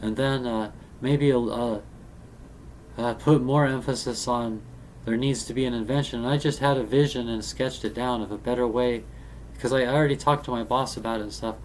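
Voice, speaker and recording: A man talks to camera in a loose, rambling way, pausing, repeating words and restarting his sentences. His pitch sits in an ordinary middle range. A faint hiss runs under the recording. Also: fairly even intonation. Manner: halting, with many restarts and fillers. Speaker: vlogger. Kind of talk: casual rambling monologue. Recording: faint background noise.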